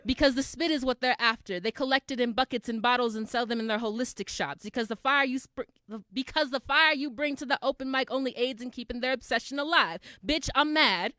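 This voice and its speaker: A woman's voice: on the high side, fairly quick, hardly any pauses, pushed and bright, no echo. A young adult woman performing spoken word poetry at an open mic, with rhythmic, emphatic delivery and call and response with the crowd.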